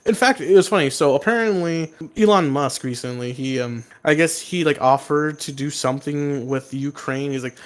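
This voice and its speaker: A man's voice: mid-range voice, brisk. A man co-hosting a podcast in casual chat, rambling and profane, laughing and acting out quotes. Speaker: podcast co-host.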